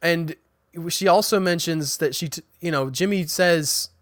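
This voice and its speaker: A man's voice: a little high, unhurried, a bit bright, no echo, clean studio sound. A man hosting a podcast, giving a casual spoken recap of a TV episode, chatting loosely and restarting sentences as he goes. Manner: chatty, restarts sentences, paraphrases characters' dialogue.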